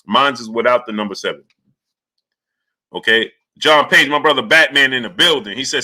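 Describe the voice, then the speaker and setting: A man's voice: mid-range voice, normal speed. A man hosting a casual boxing livestream, greeting viewers by name and talking through the fight with many fillers. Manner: shouts out chat names, lots of fillers.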